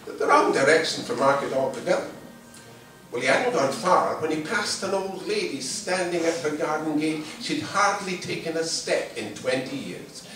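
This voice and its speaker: Man telling a folk tale live; lively, humorous, distant mic, heavy echo. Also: a little high, moderate pace, soft background music. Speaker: storyteller. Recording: distant mic in a very echoey room.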